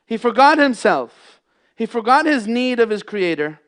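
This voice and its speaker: A man delivering a Friday sermon in a mosque, impassioned, with loud emphatic peaks and hushed lows, weaving in Arabic phrases. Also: very animated, moderate pace. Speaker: imam giving a Friday sermon. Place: mosque prayer hall.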